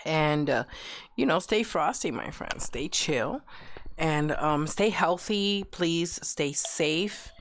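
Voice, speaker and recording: A woman's voice: deep voice, lively intonation, slow pace, a little hiss or hum. A woman hosting a live stream show, chatting casually in a giggly, teasing, playful way.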